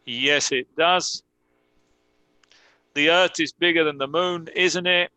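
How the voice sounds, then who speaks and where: A male English teacher talks through a grammar lesson at a slow, careful pace. His voice is slightly high and bright. He reads each example sentence deliberately and stops to correct himself out loud, and the recording is dry and close. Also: fairly even intonation, clear, resonant tone, no room sound, low-quality recording.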